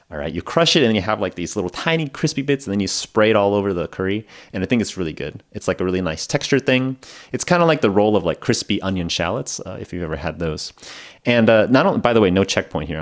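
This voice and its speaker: Man, podcast host, casual English lesson, rambling, self-amused, lowish voice, very animated intonation. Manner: rambling and chatty, frequent "like", laughs at himself. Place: lives in Japan.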